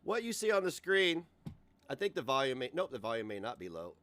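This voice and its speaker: A man's voice: medium pitch, big pitch swings, a little fast, a bit bright. Rambling, profane man ranting on a stream. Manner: rambling, profane, self-mocking. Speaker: livestream host. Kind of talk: casual livestream rant.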